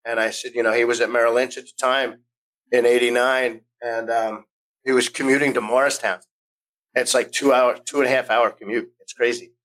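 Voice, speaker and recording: Bright-voiced American man telling stories. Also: medium pitch, flat delivery, fairly quick, poor audio. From United States. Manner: rambling, restarts often, acts out quoted voices. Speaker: podcast guest. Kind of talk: casual storytelling interview.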